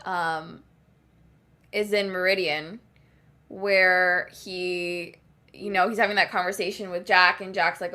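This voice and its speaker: A woman's voice: fairly low pitch, fairly even intonation, a little slow, bright, forceful tone. A young woman co-hosting a podcast, chatting casually and filling her talk with "like" as she retells scenes. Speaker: podcast co-host. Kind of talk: casual chat.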